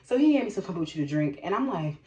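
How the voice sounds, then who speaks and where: A woman's voice: on the low side, big pitch swings, fast, mellow, low-quality recording. A young woman telling a personal storytime in a casual vlog, blunt and profane, laughing often and tagging lines with "okay?".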